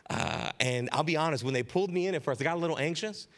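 In a church sanctuary, a pastor in his thirties preaches a sermon as candid, conversational storytelling, dropping casual slang. His voice is a little high and he talks at a quick pace.

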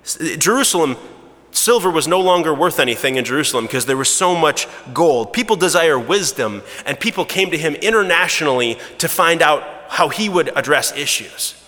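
A man preaching a sermon in a relaxed storytelling way, with frequent restarts, who drops to a hushed voice at the emotional moments. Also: on the high side, normal speed. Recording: long reverb of a large hall.

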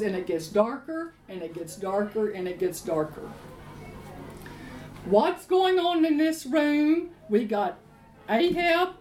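A woman preacher, giving a sermon in an emphatic, animated storytelling way. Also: sits high, slight background noise. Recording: roomy echo, faint ambience.

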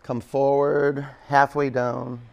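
A man guides a yoga class in a studio, calling out poses and breathing cues at a medium pitch. He drifts into playful, chatty stories between instructions before settling back into the flow. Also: little pitch movement, slow, gravelly. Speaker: yoga teacher.

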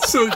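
A man hosting a casual podcast. He tells a history story, often laughs mid-sentence and swears freely. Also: very noisy.

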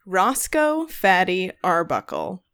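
A woman's voice: lowish voice, very animated, slow, a bit bright, clear, resonant tone. A young adult woman telling a story in casual chat, rambling with many ums and restarts, laughing and swearing as she goes. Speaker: podcast co-host.

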